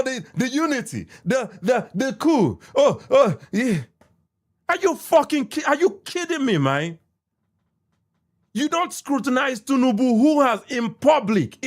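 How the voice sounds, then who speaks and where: Angry Nigerian man, lively high voice. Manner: angry, repetitive, swinging from shouts to muttered asides, mixes in pidgin. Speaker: podcast host. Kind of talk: heated commentary.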